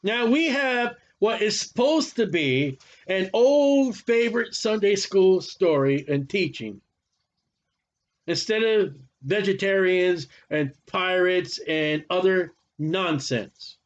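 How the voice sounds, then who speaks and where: A man teaching a Bible study as a sermon, animated, sarcastic and preachy, from the United States. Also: high-pitched, slow pace. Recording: muffled lo-fi recording.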